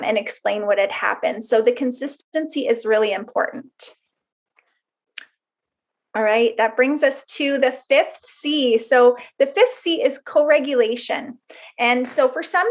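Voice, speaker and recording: Brief: woman, fairly high voice, webinar presenter, earnest and explanatory, with chatty asides.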